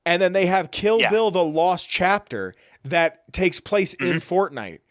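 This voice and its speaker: A man co-hosting a podcast, telling stories in a casual, animated and profane way. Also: sits high, a little slow, dry recording, clean studio sound. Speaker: podcast co-host. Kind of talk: casual chat.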